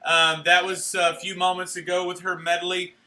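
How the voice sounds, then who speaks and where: A young man emceeing a church awards night, handing out certificates in an energetic, playful way, cheering and joking with the crowd. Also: high-pitched, moderate pace, slight background noise. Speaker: youth pastor handing out awards. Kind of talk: live church event emcee. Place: church hall at a live event.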